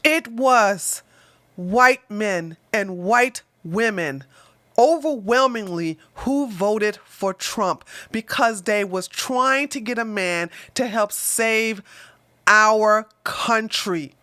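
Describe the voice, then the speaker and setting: A woman hosting a political livestream, ranting combatively and with lots of swearing, jumping between loud outbursts and quiet mutters. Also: medium pitch, extremely slow, dry recording.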